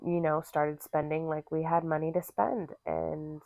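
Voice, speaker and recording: A woman's voice: sits low, level tone, a little slow, vocal fry, darkish tone, no echo. A woman co-hosting a casual couples podcast, blunt and teasing, acting out quotes as she tells stories. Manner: teasing, blunt, acts out voices in her stories. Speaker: podcast co-host. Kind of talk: casual chat. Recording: tinny phone-like sound.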